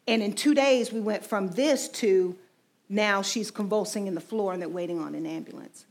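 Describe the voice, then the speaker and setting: A woman's voice: medium pitch, moderate pace. A woman in her forties giving a personal faith testimony in a conversational, storytelling way, often saying "you know". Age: 40s. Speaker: ministry team speaker.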